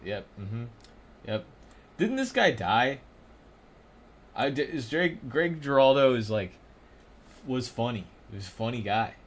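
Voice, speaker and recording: A young man casually commenting on a stream, rambling, swearing and often breaking into laughter. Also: medium pitch. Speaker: streamer ranking comedians.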